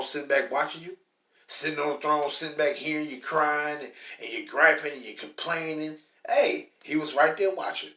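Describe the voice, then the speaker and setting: Blunt, profane man preaching from scripture. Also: a little high. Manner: blunt, profane, repetitive and emphatic; reads scripture slowly and forcefully. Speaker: Bible teacher. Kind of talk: informal preaching with scripture reading. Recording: roomy echo from a distant mic.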